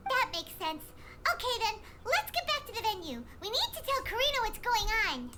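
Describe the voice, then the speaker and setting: A woman voicing a tiny, excitable female companion in a game, chatty and curious. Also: very high voice, moderate pace, very noisy. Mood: chirpy. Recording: game audio over loud music.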